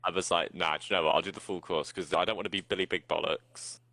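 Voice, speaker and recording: A man's voice: low-pitched, fast, no echo. A British man, podcast co-host, telling blunt, sweary stories in casual chat. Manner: blunt, swearing, lively storyteller.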